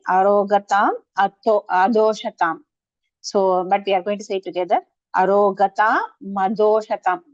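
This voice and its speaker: A woman's voice: medium pitch, dry recording. Patient woman teacher, dull call audio. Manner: patient, precise, repeats each syllable. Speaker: chanting teacher. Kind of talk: online pronunciation lesson.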